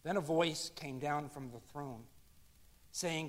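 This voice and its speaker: A male pastor preaching a sermon, swinging between loud, ringing shouts and hushed, low asides. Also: takes it slowly.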